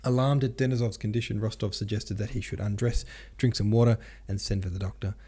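A man narrating an audiobook of a classic novel in a steady, plain reading. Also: on the low side, brisk, breathy edge.

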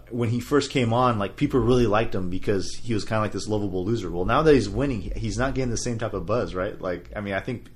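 A man hosting a casual wrestling podcast, talking in a loose, rambling way. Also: on the low side. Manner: rambling, many fillers and restarts. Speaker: podcast host. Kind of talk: casual chat.

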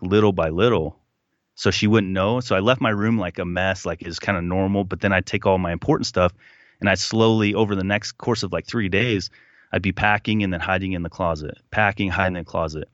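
Low-ish guy telling his story, animated, does the voices, dry dull sound. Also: a little fast, no echo. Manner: animated retelling, acting out quotes. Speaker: podcast guest. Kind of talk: casual storytelling.

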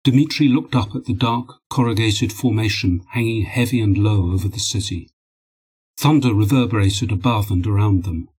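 A man narrating an audiobook in a steady, measured reading. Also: lowish voice, breathy edge, poor audio.

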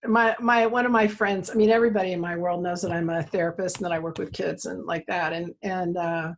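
A woman therapist, a guest in an interview, telling stories lively and acting out the lines she quotes. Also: lowish voice, fairly quick, a little hiss or hum. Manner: animated storyteller, acts out quoted dialogue. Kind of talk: conversational interview, storytelling.

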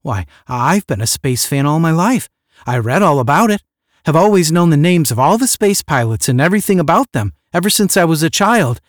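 A man voicing an eager young woman who is a lifelong space fan, speaking in an excited, gushing way in an audiobook. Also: mid-range voice, a little slow, no echo, studio quality. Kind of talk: audiobook character voice.

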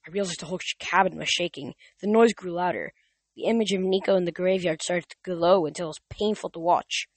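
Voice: mid-range voice, a little fast, dry recording. Brief: amateur audiobook reader, plain mid voice, stumbles and restarts, dry close mic. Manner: plain reading with slips and restarts.

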